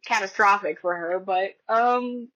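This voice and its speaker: A woman's voice: medium pitch, a little slow, a bit bright, muffled recording. A woman co-hosting a podcast, making wry, offhand comments in casual chat. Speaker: podcast co-host.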